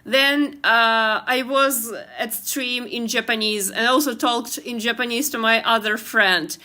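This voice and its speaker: A woman's voice: fairly high pitch, fairly even intonation, measured pace, pushed and bright. Giggly woman with a Slavic accent. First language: Ukrainian. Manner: chatty, giggly, trails off with many fillers. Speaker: streamer and artist. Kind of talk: casual live-stream chat while drawing.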